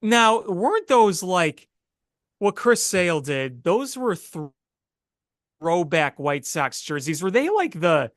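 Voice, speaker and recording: A sports podcast co-host in casual chat, telling stories in an animated, incredulous way. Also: mid-range voice, takes it slowly, no room sound, studio quality.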